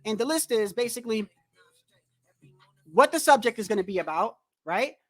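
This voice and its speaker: A man's voice: sits high, lively intonation, moderate pace. A man telling a rambling, profane story on a casual livestream about boxing. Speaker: boxing commentary streamer.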